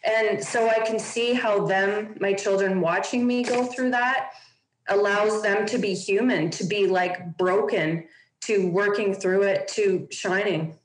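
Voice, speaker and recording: A woman's voice: medium pitch, fairly even intonation, a little slow, reverberant, rough recording. A woman guest on a podcast, telling a personal story openly and earnestly, with lots of casual fillers.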